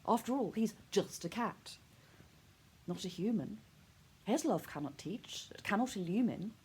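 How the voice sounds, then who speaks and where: Soft-spoken woman slowly reciting a poem. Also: mid-range voice, lively intonation, breathy edge. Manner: soft, hushed, intimate delivery; heartfelt, grieving tone. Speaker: poet. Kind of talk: poetry recitation.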